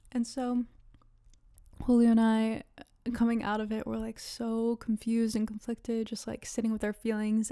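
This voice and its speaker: A young woman in her twenties hosting a casual solo podcast, chatty and rambling, with lots of "like" fillers and soft laughs. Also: medium pitch, vocal fry, dry recording, clean studio sound. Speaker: podcast host.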